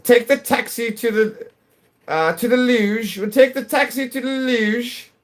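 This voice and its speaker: A man putting on a prim high posh English gent. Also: a little slow. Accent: put-on English. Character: prim proper English gentleman, tea-loving.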